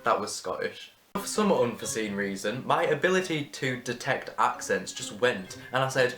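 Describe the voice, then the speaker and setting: A young man from England telling a casual storytime story, chatty and animated, acting out the voices of the people in it. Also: medium pitch, moderate pace, few pauses. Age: young adult. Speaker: vlogger. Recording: echoey room, faint music behind.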